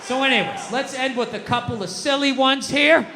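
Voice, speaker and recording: Performing stand-up on a big outdoor stage, a man rants exasperatedly and profanely into a handheld mic. His voice is very high at a moderate pace, and the live outdoor recording is very noisy with reverb.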